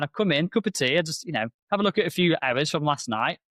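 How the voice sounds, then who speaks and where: Telling energetic stories on a laid-back business podcast, an MSP owner and co-host acts out dialogue, his pitch rising as he does. He speaks fast, and the sound is clean studio audio with no room tone.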